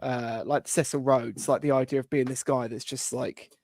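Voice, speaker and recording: A man's voice: medium pitch, fairly even intonation, moderate pace, a little mellow, dry recording, clean studio sound. A man chatting loosely on a political talk show, with lots of fillers.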